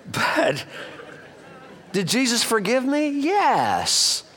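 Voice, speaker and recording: A middle-aged man preaching a sermon as pastor, swinging between loud emphatic lines and low quiet asides. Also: extremely slow. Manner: animated preaching with wide swings of pitch and loudness.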